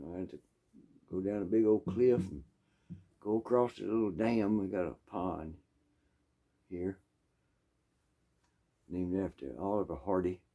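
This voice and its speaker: Southern man, casual storyteller, folksy and rambling, lowish warm voice. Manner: rambling and folksy, full of asides and throat-clearing. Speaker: musician telling a story.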